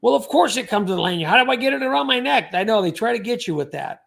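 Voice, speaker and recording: This fairly high-voiced man, rough and creaky around the edges, runs a casual livestream where he hops between viewer comments, joking and naming everyone he thanks. He sounds expressive and fairly bright, moving at a quick clip.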